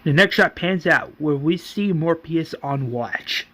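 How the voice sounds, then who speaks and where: A man's voice: on the high side, expressive, a little slow, pushed and bright. A man casually narrating his own fan story, loose and full of fillers like "you know". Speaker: fan series writer and narrator.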